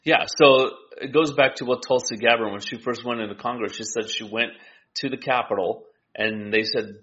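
A man's voice: mid-range voice, fairly even intonation, normal speed, a bit bright, highs cut off. A man co-hosting a political talk show, explaining his views steadily and often ending with a tag question. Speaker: co-host.

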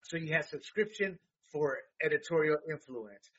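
High-voiced husky man, heated political talk. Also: lively intonation, fairly bright tone, dull audio. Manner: heated, halting with many fillers and restarts.

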